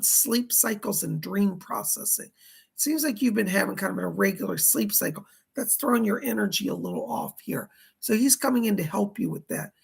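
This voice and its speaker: Man, psychic medium, live stream host, very gravelly, rough and raspy. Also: sits high, a bit bright. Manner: chatty, relays spirit messages, thanks viewers by name. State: dry throat, hoarse.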